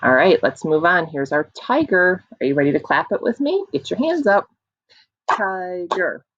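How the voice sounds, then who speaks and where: Teacher lady doing a reading lesson online, husky voice, kinda dull lo-fi sound. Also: on the low side, sing-song, fairly bright tone, no echo. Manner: encouraging, stretches words out slowly for clapping syllables. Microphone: computer mic.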